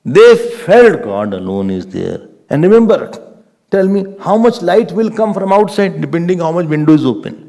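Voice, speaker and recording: A swami with an Indian English accent delivers a spiritual sermon, pressing his points home through insistent repetition and the occasional Hindi word. His voice sits high for a man and swings widely in pitch, with a gravelly edge of fry. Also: moderate pace. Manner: animated, emphatic, repeats phrases, mixes in Hindi words. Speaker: swami giving a spiritual discourse.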